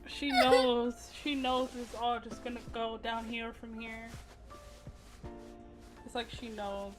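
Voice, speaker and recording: A woman's voice: on the high side, little pitch movement, slow pace. A young woman casually narrating a life-sim game, chatty and voicing the characters' lines as she plays. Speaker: gaming YouTuber. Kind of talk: casual let's play commentary. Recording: game music playing underneath.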